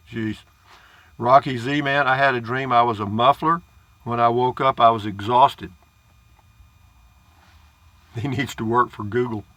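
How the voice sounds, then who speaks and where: A man's voice: mid-range voice, bright, forceful tone, dry recording. An older man, chatting casually to camera as he reads out viewer comments in a folksy, rambling way. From Central Texas. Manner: folksy, rambling, chuckles at his own jokes. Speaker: vlogger reading viewer comments.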